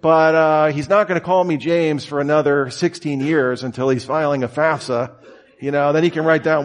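A man's voice: a little high, steady tone, moderate pace. A man in his thirties giving a conversational sermon, telling stories in a casual way and acting out the voices he quotes. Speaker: preacher.

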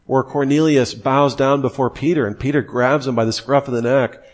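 A man at a middle pitch teaches Christian apologetics in a relaxed, conversational style. He leans into emphatic, incredulous asides as he makes his points. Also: normal speed. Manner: conversational, acts out quoted voices. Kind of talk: lively teaching talk.

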